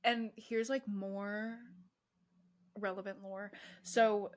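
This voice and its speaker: A woman's voice: medium pitch, level tone, slow. A woman in her twenties co-hosting a podcast, chatting casually and animatedly with lots of laughter. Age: 20s. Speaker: podcast co-host. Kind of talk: casual chat.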